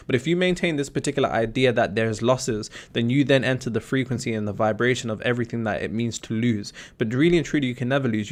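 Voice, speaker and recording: A young man with a West Midlands accent hosting a casual livestream, answering chat in a blunt, slangy way with casual swearing. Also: mid-range voice. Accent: West Midlands English. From West Midlands, England.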